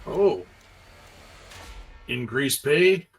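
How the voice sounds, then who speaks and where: A man playing a tabletop game in character, talking casually and deadpan, asking short questions. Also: mid-range voice, very slow, creaky, breathy edge, soft background music. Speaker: player.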